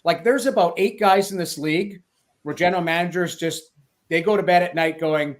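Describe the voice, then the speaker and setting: A man's voice: high voice, fairly even intonation, fairly quick. A middle-aged man, a former goalie, chatting as a podcast guest and thinking aloud. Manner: rambling, thinking aloud with restarts. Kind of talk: casual podcast chat.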